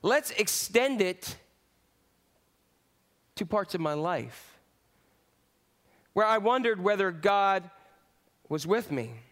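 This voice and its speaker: A pastor preaching with a fairly high, animated voice. He calls out to the congregation, then drops to quiet, reflective moments as he talks through scripture. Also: slow, pauses often. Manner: lively preaching with swings from loud to hushed. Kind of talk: sermon.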